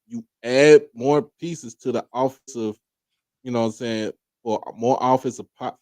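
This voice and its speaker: A man co-hosting a casual sports live stream, reasoning out loud in a rambling way with lots of fillers. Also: mid-range voice, dry recording, low-quality recording. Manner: rambling, thinks aloud with fillers. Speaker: co-host.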